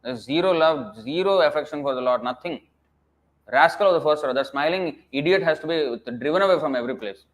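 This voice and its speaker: A man's voice: fairly high pitch, brisk. A man giving a scripture lecture as a preacher, emphatic and scolding, firing rhetorical questions and dropping to a mutter at phrase ends.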